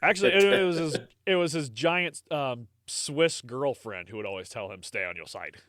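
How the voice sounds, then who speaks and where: A man's voice: fairly high pitch, moderate pace, fairly bright tone, dry recording. Rambling American man on a podcast. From United States. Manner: rambling, many fillers, swears casually, laughs at own jokes. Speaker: podcast host. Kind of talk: casual history podcast chat.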